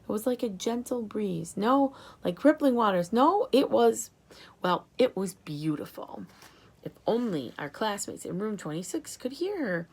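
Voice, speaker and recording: Expressive husky-voiced woman narrating. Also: medium pitch, a little slow. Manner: expressive storytelling. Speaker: audiobook reader. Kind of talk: scripted narration of a children's book.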